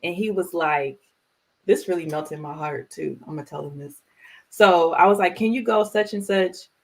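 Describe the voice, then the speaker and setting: A woman co-hosting a casual chat, telling stories in a lively way and acting out the quotes. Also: on the low side, moderate pace. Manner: animated storyteller, acts out quotes loudly. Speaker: podcast co-host.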